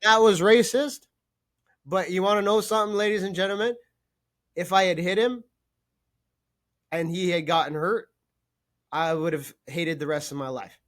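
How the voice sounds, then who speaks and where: A man's voice: sits high, moderate pace, pauses often. A man, a podcast guest, telling stories bluntly with heavy swearing and frequent laughs. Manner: blunt, crude and profane, laughs through his stories. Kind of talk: casual storytelling.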